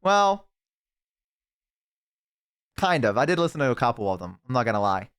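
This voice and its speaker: A man's voice: medium pitch, sing-song, moderate pace, fairly bright tone, smooth. A man streaming, chatting casually, joking and rambling with crude humor.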